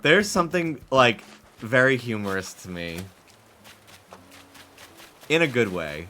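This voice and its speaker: A man's voice: medium pitch, very animated, slow, sharp tone, a little hiss or hum. A man chatting casually on a game stream, swearing often and laughing as he rambles.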